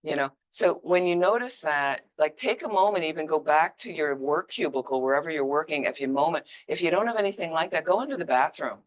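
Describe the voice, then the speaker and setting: A woman giving an informal, conversational dharma teaching with emphatic, lively asides. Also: sits low, brisk, hardly any pauses. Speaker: Buddhist teacher.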